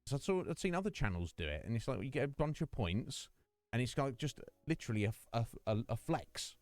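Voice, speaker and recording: A man's voice: mid-range voice, very animated, fast talker, no echo. A man hosting his game live stream, chatting in a rambling way and laughing often. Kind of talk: casual live-stream chat.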